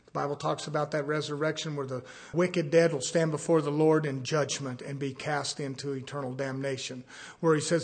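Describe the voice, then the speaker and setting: A man preaching a sermon in a folksy way, swinging from hushed asides to loud, fervent surges. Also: a little high, fairly even intonation, brisk. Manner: folksy, uses "ain't".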